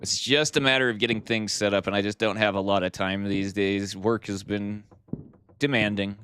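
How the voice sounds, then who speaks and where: A man's voice: lowish voice, fairly even intonation, moderate pace, fairly bright tone, slight background noise. A man chatting casually with his viewers during a live game stream, thanking them and thinking aloud as he plays. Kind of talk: casual live-stream chat while gaming. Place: home streaming setup.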